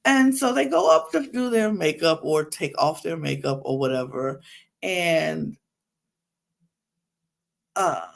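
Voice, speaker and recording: A woman's voice: low-pitched, expressive, takes it slowly, gravelly, pauses often. A woman hosting a podcast, talking casually in a sassy, exasperated way. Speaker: podcast host recapping a reality show. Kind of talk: casual chat.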